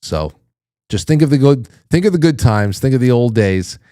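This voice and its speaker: Brief: middle-aged male host, loose profane banter, mellow tone, dry close sound. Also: medium pitch, expressive, normal speed, no echo. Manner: loose, profane, joking, mock-prim voices. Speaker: talk show host. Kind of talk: casual chat reading listener comments.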